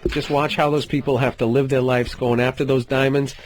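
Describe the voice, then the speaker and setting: A man's voice: medium pitch, little pitch movement, fairly quick, rough recording. A man co-hosting a casual comedy radio show, bantering bluntly and profanely. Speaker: co-host.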